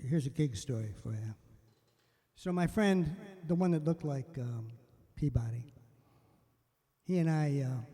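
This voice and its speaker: A man's voice: a little high, long reverb tail. An older man, a musician host, telling a rambling story casually, breaking off and voicing the people he quotes. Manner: rambling, self-interrupting, quotes others in lively voices.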